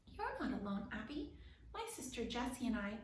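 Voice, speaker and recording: A woman's voice: on the high side, big pitch swings, normal speed. A woman reading as a timid little boy mouse. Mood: eager. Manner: stammering. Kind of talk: storybook reading. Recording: roomy, distant, faint hiss.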